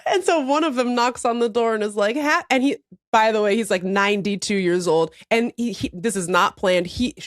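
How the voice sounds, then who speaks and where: A woman's voice: mid-range voice, normal speed, few pauses, dry recording, studio quality. A woman co-hosting a casual podcast chat, telling stories with lots of feeling and acting out what people said. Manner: animated storytelling, acts out quotes; laughs while talking about crying. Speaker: podcast co-host.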